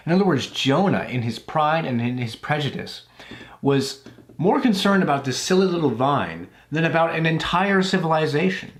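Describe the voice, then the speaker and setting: Chatty man retelling a scripture story. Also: medium pitch. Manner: conversational, many fillers like "you know" and "uh". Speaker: YouTube host reviewing Bible books. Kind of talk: casual video commentary after reading scripture aloud.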